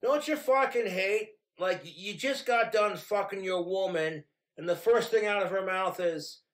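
A man's voice: high-pitched, measured pace, a bit bright. A man vlogging at home, ranting bluntly and crudely in a rambling, profane monologue. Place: home in Wyoming.

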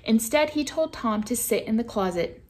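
Lady reading a kids' storybook, playful and expressive. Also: on the high side, moderate pace. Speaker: children's ministry reader. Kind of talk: storybook read-aloud.

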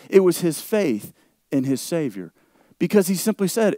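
A male pastor preaching a sermon, often checking in with the congregation and growing louder and higher as he presses a point. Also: very animated, moderate pace, dry recording, studio quality. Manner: preaching, rising loud and high when stressing a point; asks the congregation for agreement often.

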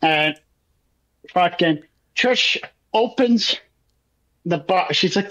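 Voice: mid-range voice, animated, unhurried, pauses often, a bit bright, dull audio. Chatty, cursing podcast co-host. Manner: profane, chatty play-by-play with acted-out asides. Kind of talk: casual chat recapping wrestling.

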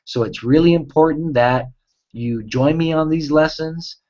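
A man teaching a children's reading lesson as a reading tutor, cheerful and enunciating each word slowly for young kids. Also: fairly high pitch, dark tone. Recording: dull lo-fi recording.

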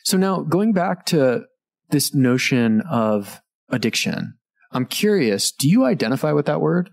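A man's voice: a little high, big pitch swings, unhurried, vocal fry. A man hosting a podcast interview outdoors, reflecting thoughtfully and asking questions. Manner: reflective, thoughtful, short reactions. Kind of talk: casual interview talk. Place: outdoors at a tropical home near a beach.

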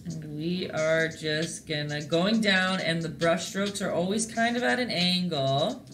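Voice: medium pitch, a little slow, fairly bright tone, echoey room. A host teaching a live-streamed painting lesson in a chatty, encouraging way, talking to viewers in the chat.

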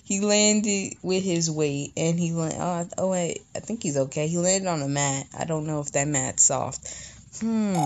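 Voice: mid-range voice, a little mellow, slight background noise. A gaming YouTuber giving playful, rambling commentary while playing a video game, reading its dialogue aloud.

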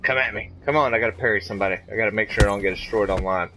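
A man streaming a fighting game who jokes around and reacts loudly to the action. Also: lowish voice, racing, faint music behind. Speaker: gaming streamer. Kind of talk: casual gameplay commentary. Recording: steady background noise.

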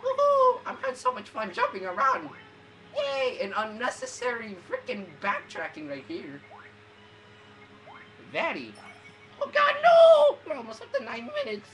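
A woman's voice: on the high side, wildly swooping pitch, normal speed, pushed and bright. A woman commentating her gameplay in a hyper way, shrieking and swearing at the game. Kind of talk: let's play commentary. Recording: game music under voice. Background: game music.

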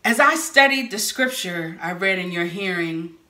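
A woman preaching a sermon, telling stories with lively bursts of shouting. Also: lowish voice, moderate pace. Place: church sanctuary or hall. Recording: echoey room.

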